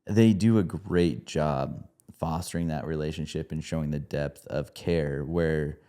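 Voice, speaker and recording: A man with a very low, mellow voice co-hosts a movie review podcast. He talks in a loose, rambling way, full of "like" and "you know", and laughs easily. The feel is an easygoing chat between friends. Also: measured pace. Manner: laughs often, rambling with many fillers.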